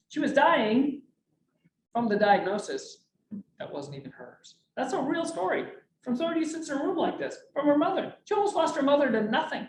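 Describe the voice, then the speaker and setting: A man's voice: very high voice, big pitch swings, brisk. A man giving a motivational talk to a business group in a meeting room, jokey and full of questions to the audience. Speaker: speaker. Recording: roomy, mic from a distance, faint hum.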